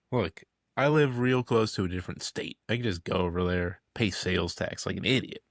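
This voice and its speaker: A man co-hosting a podcast, chatting casually and tossing off deadpan, jokey quips. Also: low-pitched, a little fast, no room sound, clean studio sound. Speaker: podcast co-host. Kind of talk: casual chat.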